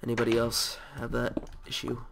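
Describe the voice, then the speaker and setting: A man's voice: mid-range voice, completely flat delivery, moderate pace, vocal fry, heavy background noise. A man with a cold and a nasal voice, rambling casually as he hosts gameplay commentary. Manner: rambling, chatty, easygoing. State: sick with a cold. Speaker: host.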